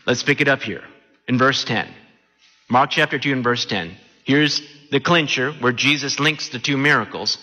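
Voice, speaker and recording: A man preaching a sermon, animated and often asking his listeners questions. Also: mid-range voice, normal speed. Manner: animated, asks the congregation questions. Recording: long hall reverb.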